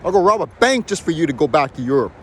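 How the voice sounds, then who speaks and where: A man's voice: on the high side, sing-song, fast talker, a bit bright, a little hiss or hum. A man from Canada delivering a heated, profane, defiant rant to camera outdoors. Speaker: video blogger. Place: outdoors in a built-up area.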